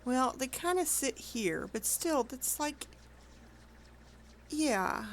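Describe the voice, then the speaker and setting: A woman's voice: high-pitched, animated, takes it slowly, slight background noise. A woman streaming an online game, chatting casually and rambling with frequent self-corrections. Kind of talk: casual gameplay commentary.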